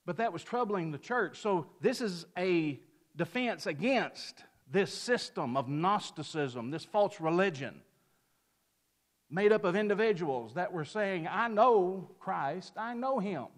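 Emphatic male preacher, slightly high voice. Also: lively intonation, a little slow. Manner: emphatic, rises on quoted scripture and drops at phrase ends; mimics a picky customer in a folksy aside. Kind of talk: sermon-style Bible teaching.

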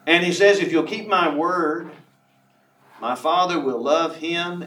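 A man preaching a sermon, emphatic, who reads scripture slowly and draws out key words. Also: a little high, expressive, fairly bright tone, recorded from a distance, slight background noise. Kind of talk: sermon on a Bible passage. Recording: echoey room from off the mic.

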